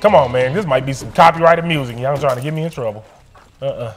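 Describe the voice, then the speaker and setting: A man giving excited, slangy commentary while he plays a video game and talks back to it. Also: medium pitch, quick pace, faint music behind. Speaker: gaming streamer.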